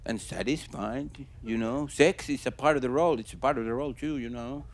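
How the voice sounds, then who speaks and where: A man on a comedy stage quoting a woman he dated, in a calm, explaining tone and in close to his own voice. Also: mid-range voice, brisk, pitched below the performer's own voice, lightly acted. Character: matter-of-fact woman he dated.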